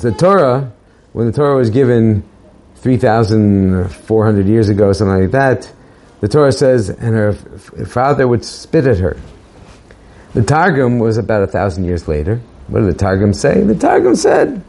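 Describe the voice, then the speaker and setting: A man giving a casual, halting Torah talk, with many fillers and restarts, slowing down to quote verses. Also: mid-range voice, sing-song, gravelly, a little mellow. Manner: hesitant, many fillers and restarts, quoting Hebrew verses slowly. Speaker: speaker sharing a Torah thought.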